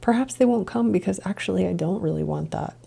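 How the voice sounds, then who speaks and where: A woman's voice: mid-range voice, fast talker, vocal fry, warm tone, slightly rough. A woman hosting a podcast, musing earnestly in a reflective solo monologue full of rhetorical questions. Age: adult, past childhood and drinking years. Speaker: podcast host, integration coach.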